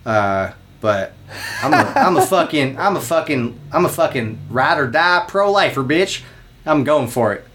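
A man with a Southern American accent, co-hosting a casual podcast chat, animated, laughing often and swearing freely. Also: fairly high pitch, unhurried, a little hiss or hum. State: high. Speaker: podcast co-host.

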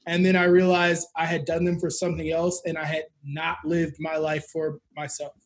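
A man's voice: on the high side, flat delivery, moderate pace. A man in his thirties, a podcast co-host and business owner, talking candidly and reflectively in a casual chat. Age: 30s.

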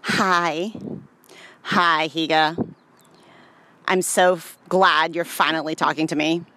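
A woman's voice: sits low, fairly even intonation, takes it slowly, sharp tone, no echo. A woman doing a comedic skit vlog, giddy and playful, trying on voices. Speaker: vlogger.

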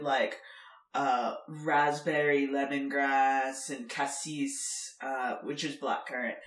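Bright-voiced chatty woman, echoey room. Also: low voice. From Germany. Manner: chatty, laughs often, many fillers. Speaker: podcast co-host. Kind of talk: casual chat.

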